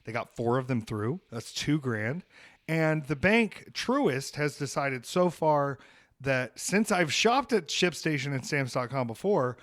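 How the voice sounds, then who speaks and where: A man's voice: medium pitch, big pitch swings, unhurried, fairly bright tone. A young adult man hosting a podcast, ranting in a heated, profane and emphatic way. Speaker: podcast host.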